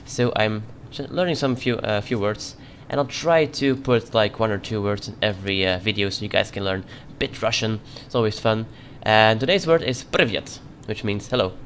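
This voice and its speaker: A man's voice: on the low side, normal speed, hardly any pauses, fairly bright tone, a little hiss or hum. A man commenting on his gameplay in a put-on Russian accent, playing a stern border guard. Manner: curt, stern official tone toward game characters. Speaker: let's play gamer.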